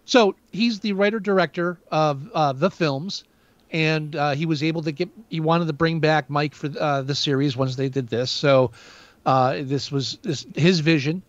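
A man's voice: fairly high pitch, normal speed, no echo, highs cut off. A man co-hosting a casual movie review chat, rambling with many fillers and restarts. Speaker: podcast co-host.

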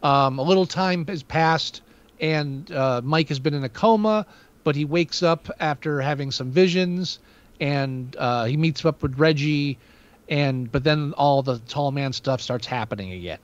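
A man's voice: a little high, a little slow, dull audio. A man co-hosting a casual movie review chat, rambling with many fillers and restarts. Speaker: podcast co-host.

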